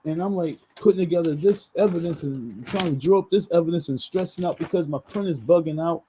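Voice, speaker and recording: A man's voice: a little high, brisk, mellow, slight background noise, low-quality recording. A man venting in a heated, repetitive rant on his vlog, full of restarts and slang. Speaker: vlogger.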